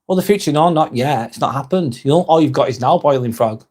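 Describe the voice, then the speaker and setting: A man's voice: fairly high pitch, animated, fast talker, darkish tone. A man hosting a casual live vlog, reading viewer comments aloud and chatting back to them.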